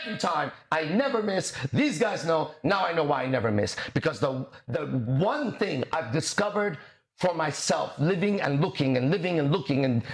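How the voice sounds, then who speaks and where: A man hosting a podcast as a mindset coach, delivering a swaggering, profane, preachy monologue with dramatic pauses. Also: a little high.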